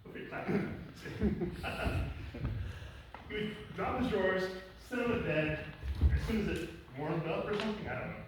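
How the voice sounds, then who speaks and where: A man's voice: sits high, measured pace. A man speaking as a guest on mental illness, telling a personal story to a live class in a casual, conversational way with bursts of emphasis. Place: academy lecture room. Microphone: distant room mic. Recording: echoey room, distant mic, faint noise.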